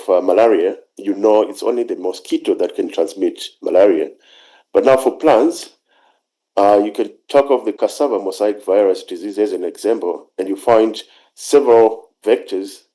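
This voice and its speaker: A man with a fairly low, mellow voice gives an academic conference presentation over a video call. He talks in a measured, halting way, often pausing on fillers as he walks through his points. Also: poor audio. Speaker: conference speaker.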